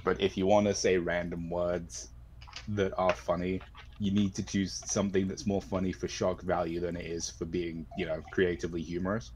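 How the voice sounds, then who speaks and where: A man with a very low voice explains things at length in a relaxed chat. His voice-chat line carries clear background noise. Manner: wordy, deliberate explaining. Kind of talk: casual chat.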